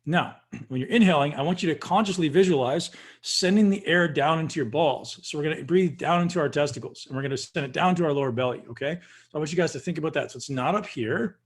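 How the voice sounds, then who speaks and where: A man guest on a video call, calmly guiding listeners through a breathing practice and addressing them directly. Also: on the high side, fast talker, slightly rough. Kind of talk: coaching instruction.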